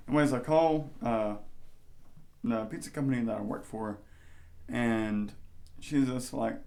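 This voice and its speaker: A man's voice: mid-range voice, unhurried, long pauses, a little mellow. A young man in his twenties telling a story in casual chat, rambling and swearing, repeating himself. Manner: rambling, profane, repeats "anyways".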